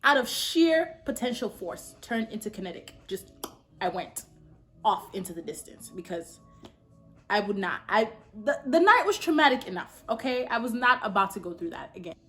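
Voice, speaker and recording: Animated young woman telling a story, sassy. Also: normal speed. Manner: animated, sassy, swings into high outbursts. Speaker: beauty vlogger. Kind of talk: storytelling while doing makeup. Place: at home, her apartment.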